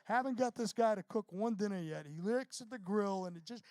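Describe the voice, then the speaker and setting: A man's voice: high voice, lively intonation, a little fast, a little mellow, dry recording. A man, a band frontman, talking casually and profanely in an interview, rambling through stories. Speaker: touring band frontman, guest.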